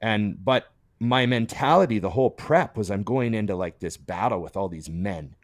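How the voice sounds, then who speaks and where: A middle-aged man with a fairly low voice, recorded close and dry with no room sound. He chats casually as a podcast co-host and tells stories, animatedly acting out what he thought back then. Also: normal speed, no echo. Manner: animated storyteller acting out his own past thoughts. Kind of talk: casual chat.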